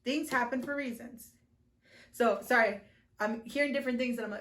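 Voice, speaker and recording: A young woman talks through a tarot reading in a loose, chatty way, laughing often and dropping the odd curse word. Her voice sits a little high, and the room around her gives it a noticeable echo. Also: normal speed, a bit bright. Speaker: tarot reader. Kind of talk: casual tarot reading vlog. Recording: echoey room.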